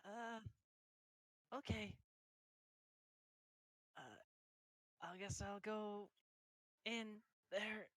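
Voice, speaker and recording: A man's voice: extremely high pitch, animated, normal speed, pauses often, fairly bright tone, no echo, studio quality, voice pushed up. A man voicing a shy, easily flustered young woman cleric who stammers nervously. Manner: timid, stammering.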